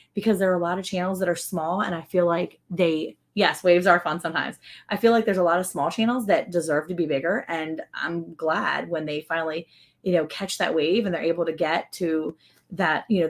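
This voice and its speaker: Southern lady chatting on a ranch livestream, kinda low voice, laughs a lot, reads comments out. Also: gravelly. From American South. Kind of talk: casual livestream chat.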